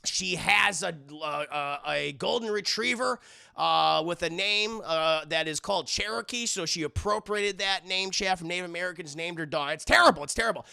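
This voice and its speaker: Young man, livestream film recap, excitable, swearing, gravelly, bright tone. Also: high-pitched, normal speed. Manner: excitable, profane, full of fillers, addresses chat constantly. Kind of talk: casual scene-by-scene recap to live chat.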